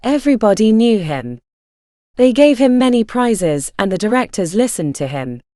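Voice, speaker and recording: Woman reading a story, lively pitch. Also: dry recording, studio quality. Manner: measured first-person storytelling. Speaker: narrator. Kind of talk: audiobook narration of a literary story.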